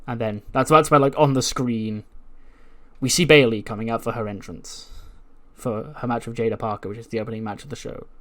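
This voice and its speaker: A man's voice: medium pitch, fairly even intonation, brisk. Chatty man narrating a game. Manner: chatty, laughs at his own storylines. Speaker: gaming channel host. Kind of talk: casual let's-play narration.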